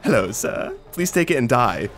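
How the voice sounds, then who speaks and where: A young man doing casual, excitable gameplay commentary, rambling, swearing and laughing between remarks. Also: mid-range voice, normal speed, over music. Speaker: gaming commentator. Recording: noisy with game gunfire behind. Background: gunfire and artillery from the game.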